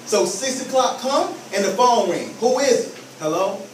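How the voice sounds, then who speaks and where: High-voiced man giving an emphatic motivational talk. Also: lively intonation, moderate pace, echoey room, recorded from a distance, a little hiss or hum, low-quality recording. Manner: emphatic, repeating phrases, acts out scenes. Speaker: motivational speaker.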